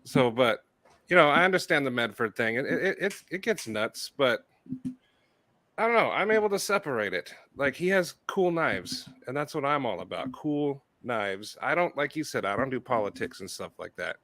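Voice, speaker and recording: A man's voice: mid-range voice, very animated, moderate pace, bright, forceful tone, no room sound. A man co-hosting a casual livestream chat, easygoing and laid-back. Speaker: co-host.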